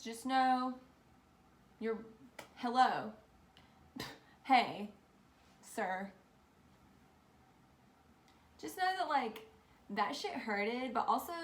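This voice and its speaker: A woman's voice: a little high, slight background noise. Chatty young woman with a rambling storytime. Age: young adult. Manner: rambling, lots of "like", animated. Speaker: vlogger. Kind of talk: casual storytime. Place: bedroom. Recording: echoey room with faint ambience.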